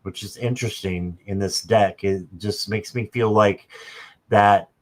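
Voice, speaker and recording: A man hosting a live stream, giving a gentle, reassuring tarot reading card by card. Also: lowish voice, steady tone, measured pace. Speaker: tarot reader and channel host.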